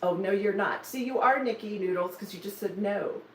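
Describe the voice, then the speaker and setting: A woman's voice: mid-range voice, normal speed, slight background noise. A woman in her sixties chatting casually and teasingly on a home live stream, laughing often. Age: 60s. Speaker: cross-stitch vlogger. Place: home in Denver. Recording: roomy, slightly distant mic with faint ambience.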